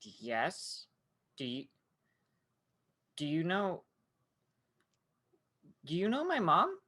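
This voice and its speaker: A woman's voice: fairly low pitch, wildly swooping pitch, extremely slow, bright, forceful tone, breathy edge, heavily acted. Woman playing an eager young train fanboy. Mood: earnest. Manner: earnest, fawning.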